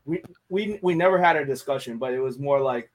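A man's voice: mid-range voice, brisk, low-quality recording. A man chatting candidly on a podcast, swearing freely and restarting his sentences as he thinks. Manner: candid and profane, repeats words while thinking. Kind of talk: casual podcast chat.

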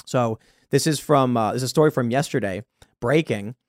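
A man's voice: mid-range voice, normal speed, dry recording, studio quality. A man hosting a political commentary show, reading news stories aloud and reacting bluntly with his opinions. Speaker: show host.

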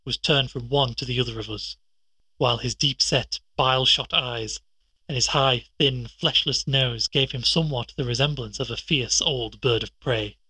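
A man with a husky voice narrating a classic detective story in a measured manner. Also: mid-range voice, bright, forceful tone, no room sound. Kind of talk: scripted audiobook narration.

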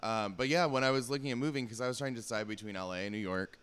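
A man's voice: mid-range voice, racing, fairly bright tone, smooth. A man in casual chat, blunt and matter-of-fact with a dry edge.

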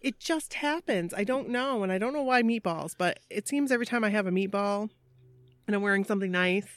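A woman of middle pitch co-hosts a podcast, talking casually and reading out a listener's story with chatty asides and laughs. her voice sits at an everyday pitch for a woman. the room sound is dry and close. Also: fast talker, dry recording. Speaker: podcast co-host.

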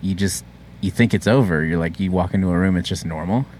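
A man's voice: low-pitched, fast talker, slight background noise. Laid-back Texan man telling loose stories. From Texas. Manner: loose storyteller, slips into loud goofy impressions. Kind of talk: casual chat.

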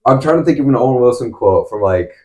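A man's voice: medium pitch, lively intonation, fast, crowd noise. A man chatting casually on a podcast, blunt and stubborn in an argument. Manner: blunt, stubborn when arguing. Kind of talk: casual chat.

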